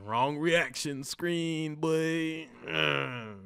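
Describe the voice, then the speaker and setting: Young streamer guy joking w chat, bright sharp voice, kinda high. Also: very slow, gravelly, slight background noise. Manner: playful, joking, slangy. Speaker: streamer reacting live. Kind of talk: casual live-stream reaction chat.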